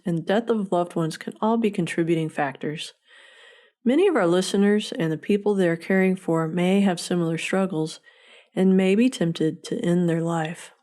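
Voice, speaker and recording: A woman with a lowish voice delivers a scripted informational segment as the show's producer. She speaks in a measured, earnest manner. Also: darkish tone. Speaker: podcast producer.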